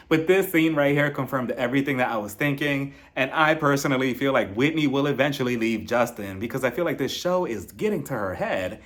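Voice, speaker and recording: A man casually reviewing a reality show on his channel, animated and joking with frequent laughs. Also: mid-range voice, fast talker, few pauses. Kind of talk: casual commentary.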